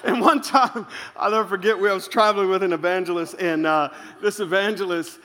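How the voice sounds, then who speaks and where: A man preaching as pastor, telling humorous stories in an animated way. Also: high-pitched, brisk, a little hiss or hum. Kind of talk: sermon. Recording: reverberant hall.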